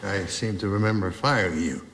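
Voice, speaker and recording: An actor playing a condescending corporate executive, in cold, dismissive film dialogue over a music score. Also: male voice, sits low, normal speed, a bit bright, in a large hall. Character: condescending middle-aged male corporate executive. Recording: film clip with music underneath.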